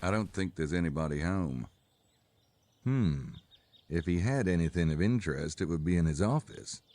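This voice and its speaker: A man playing a gruff adult detective hero in a game, with a dry, laconic delivery. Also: sits low, expressive, normal speed, a little mellow. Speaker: game character. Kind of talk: recorded game dialogue.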